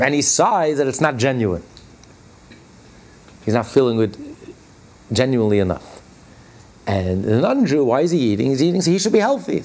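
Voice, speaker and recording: A man teaching a religious lesson and telling stories, stressing key words with sudden jumps in pitch. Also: a little mellow. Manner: retells stories by acting out their dialogue. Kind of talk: Torah class storytelling.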